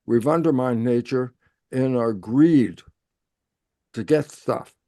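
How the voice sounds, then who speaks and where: A man speaking as an interview guest, explaining in an animated way and answering his own rhetorical questions. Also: mid-range voice, takes it slowly, no echo, clean studio sound.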